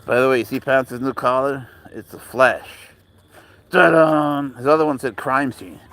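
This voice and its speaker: A man's voice: medium pitch, steady tone, moderate pace, fairly bright tone. A man livestreaming while walking his cat outdoors in a park, talking casually in a blunt, profane, rambling way and answering chat messages aloud.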